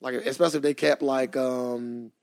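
A man's voice: medium pitch, steady tone, moderate pace, vocal fry, dry recording, clean studio sound. A man co-hosting a podcast in casual chat, joking and loose, often trailing off and restarting. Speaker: podcast co-host.

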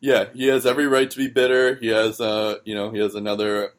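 A man's voice: lowish voice, monotone, a little fast. A man co-hosting a hockey podcast, chatting loosely with lots of ums and likes. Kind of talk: casual chat.

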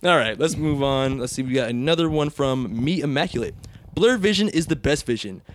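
A podcast host with a mid-range voice speaks in an animated, fairly quick way. He reads listener reviews aloud and chats casually, laughing often.

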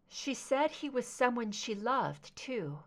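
Woman doing a steady, firm lady agent, calm and low, audiobook read. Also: slow, full character voice. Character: calm, firm female FBI agent and doctor.

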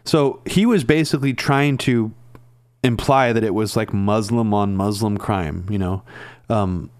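A man co-hosting a casual political discussion, ranting and exasperated, halting with fillers. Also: on the low side, no room sound, studio quality. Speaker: political commentary co-host.

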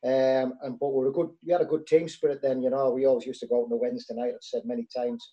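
A man with a mellow, dark voice who chats in an easygoing way. His delivery is loose and unhurried. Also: mid-range voice, flat delivery, highs cut off. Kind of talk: casual chat.

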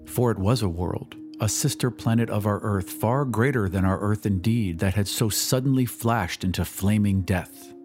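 A man with a fairly low voice narrates an audio drama in a measured, dramatic way. He draws out key phrases. Soft music runs underneath him.

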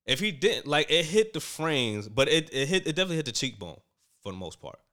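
A man casually recapping events, animated and quoting people as he goes. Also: fairly high pitch, brisk. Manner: animated storyteller, quotes people in raised voices. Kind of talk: casual chat recapping a reality show.

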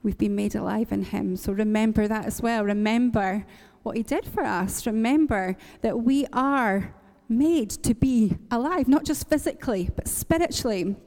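A woman's voice: on the high side, moderate pace, hardly any pauses, a little mellow, in a large hall. A woman from Northern Ireland preaching a sermon, earnest and encouraging, repeating lines for emphasis. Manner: earnest, encouraging, with light laughs and repetition for emphasis.

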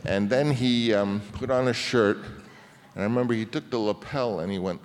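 Man in his 70s, guest storyteller, lowish voice, rambling with restarts, hall reverb. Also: steady tone, moderate pace. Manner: rambling, with many restarts and fillers. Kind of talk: anecdotal storytelling in a public conversation.

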